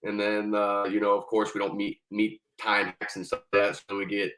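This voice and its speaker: A man's voice: fairly low pitch, completely flat delivery, normal speed, fairly bright tone, poor audio. A young man, a former Marine, telling his story as a podcast guest in a loose, profane way with many fillers and restarts. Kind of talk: casual storytelling.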